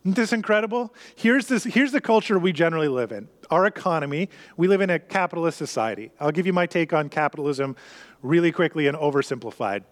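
A man with a fairly high voice delivers a sermon. He teaches earnestly, leaning on emphasis and repeating his key points. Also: expressive, fast. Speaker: pastor.

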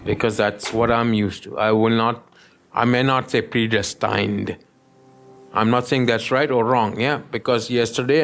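A pastor preaching a sermon, often stopping to check that the listeners follow him. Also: male voice, mid-range voice. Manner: keeps checking in with the listeners, asking "yes?".

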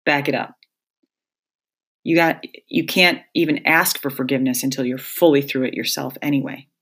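Low-voiced woman hosting a reflective talk. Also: brisk, a bit bright. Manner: conversational, speaks directly to listeners as folks. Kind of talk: reflective self-help monologue.

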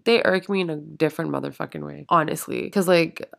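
A young woman from Canada, co-hosting a podcast in casual, expressive chat full of swearing. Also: low-pitched, fairly quick, creaky. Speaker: podcast co-host.

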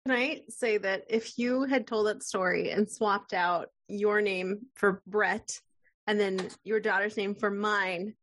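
A woman in casual podcast chat, telling a story in an animated way. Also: medium pitch, takes it slowly, dry recording.

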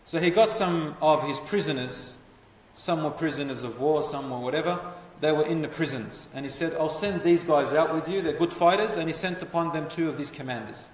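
A man telling a history story as a lecture, animated and putting questions to his listeners. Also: on the high side. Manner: animated, asks the audience questions. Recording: echoey hall, voice from far off.

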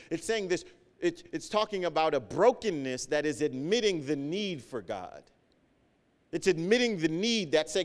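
A man preaching a sermon, earnest, repeating key phrases for emphasis and swinging between loud and soft. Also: on the high side, lively intonation, moderate pace, long reverb tail. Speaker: pastor.

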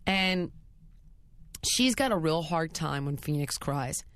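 A woman's voice: low voice, expressive, slow, fairly bright tone, no echo. A woman hosting an advice talk show, speaking bluntly and emphatically in casual chat. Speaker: radio advice show host.

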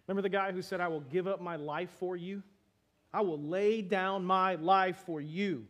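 High-voiced male pastor, animated conversational sermon, acts out scripture dialogue.

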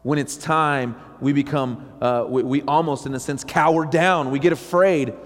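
A man preaching a sermon as pastor, talking conversationally and acting out quotes, with sudden loud rises. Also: medium pitch, normal speed, few pauses. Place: church sanctuary. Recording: long reverb of a church hall.

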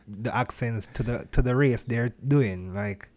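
Male co-host, mid-pitched voice, casual and dry-witted. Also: unhurried, darkish tone. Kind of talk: casual chat.

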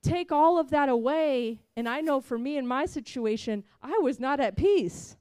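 Woman preacher giving an earnest testimony, slightly high voice. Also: lively intonation, normal speed, warm tone, no echo. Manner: earnest, heartfelt storytelling. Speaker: preacher sharing a mission testimony. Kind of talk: personal testimony sermon.

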